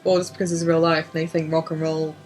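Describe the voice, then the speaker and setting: A woman co-hosting a podcast, chatting casually through a film commentary, joking and swearing and acting out characters in quick asides. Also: low voice, flat delivery, a little mellow, faint music behind. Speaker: podcast co-host.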